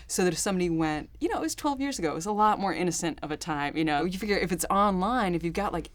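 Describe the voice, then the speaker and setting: A woman actress telling behind-the-scenes stories in a chatty, animated interview, often laughing. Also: fairly low pitch, no echo. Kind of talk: casual interview anecdotes.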